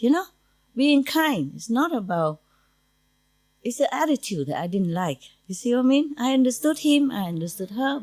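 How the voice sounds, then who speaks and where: Woman spiritual teacher, lowish voice, dry close sound, chatty and laughing, simple non-native English. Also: a little mellow, no room sound. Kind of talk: informal talk to disciples.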